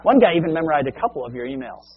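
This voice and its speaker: A man's voice: fairly high pitch, very animated, very fast, slightly rough. A man voicing a carefree office employee who rambles breezily, on a muffled lo-fi recording. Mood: breezy.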